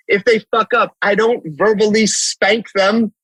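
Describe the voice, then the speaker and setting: A man in his thirties, a fitness coach, talking in an animated podcast conversation, telling stories and acting out dialogue with casual swearing. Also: sits high, measured pace, few pauses, husky, no echo, poor audio. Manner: energetic, storytelling, acts out dialogue, swears casually.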